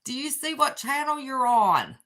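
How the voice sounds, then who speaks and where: A woman's voice: sits high, big pitch swings, normal speed, fairly bright tone. A woman, chatting emotionally with viewers on her livestream. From West Virginia. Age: 60s. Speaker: channel host. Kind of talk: casual livestream chat. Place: apartment.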